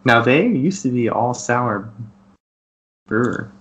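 A man's voice: mid-range voice, animated, slow, fairly bright tone. A man from Texas co-hosting a casual beer podcast, chatty and self-deprecating, with lots of ums. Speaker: podcast co-host. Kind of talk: casual chat.

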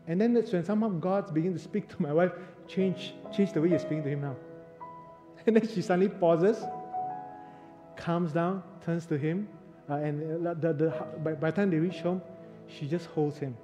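High-voiced man preaching in echoey hall. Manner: storytelling, animated, laughs often. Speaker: pastor. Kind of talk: sermon. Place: church hall. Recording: reverberant hall with faint music.

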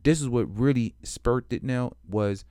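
A man's voice: mid-range voice, a little slow, mellow, clean tone, dry recording, studio quality. A man explaining history in a casual, slangy way, swearing freely and stumbling over restarts, and acting out both sides of the story in quoted voices. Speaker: history commentator.

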